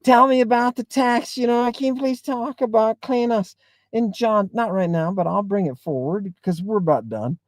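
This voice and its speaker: A man with a high-pitched voice runs a livestream at normal speed, in a dry recording. Emphatic and rambling, he reads out viewer comments and replies to them, repeatedly asking "right?".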